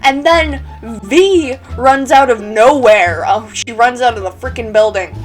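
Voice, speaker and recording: A woman's voice: on the high side, a little slow, faint music behind. A woman telling a storytime vlog in a chatty, giggly way, laughing between phrases. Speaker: YouTuber.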